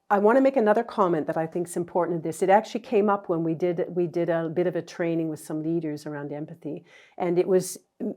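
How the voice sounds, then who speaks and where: A woman's voice: lowish voice, mellow. A middle-aged woman teaching a counselling training session in a conversational way, acting out sample phrases as she goes.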